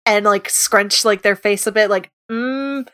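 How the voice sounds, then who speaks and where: A woman's voice: mid-range voice, measured pace, a bit bright. A woman chatting casually while planning a role-play scene, swearing freely and filling with "like". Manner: profane, laughing, lots of "like". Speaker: tabletop role-play player.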